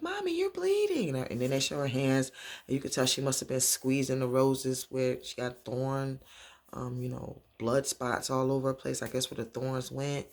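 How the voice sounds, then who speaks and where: A man casually recapping a TV episode, rambling along with many fillers and restarts. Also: medium pitch. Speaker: TV recap vlogger.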